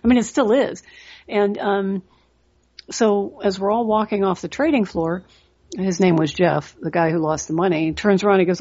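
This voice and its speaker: Her voice is medium-pitched, steady, and mellow, moving at a moderate pace over a muffled recording. This middle-aged trading coach hosts a podcast, offering earnest motivation and stories peppered with "you know."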